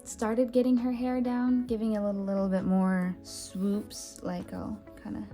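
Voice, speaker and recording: Mellow-voiced woman chatting about her sketches. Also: mid-range voice, completely flat delivery, normal speed. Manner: chatty, rambling, lots of "like" and restarts. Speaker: artist showing her sketchbook. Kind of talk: casual voice-over commentary. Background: faint background music.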